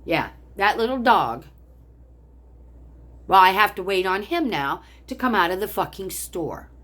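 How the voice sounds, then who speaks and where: A woman's voice: mid-range voice, very animated, unhurried, fairly bright tone. An older woman vlogger telling a story angrily, in a heated, profane rant. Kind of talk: angry personal storytelling.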